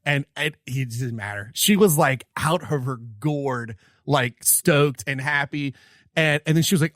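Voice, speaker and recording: Excited man, dry close sound. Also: mid-range voice, a little slow, dry recording. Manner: excited, animated telling with many restarts. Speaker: podcast co-host. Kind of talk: casual storytelling chat.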